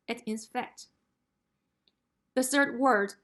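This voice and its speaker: A woman's voice: on the high side, measured pace. A woman whose first language is Chinese, teaching a language lesson, explaining carefully and demonstrating tones aloud.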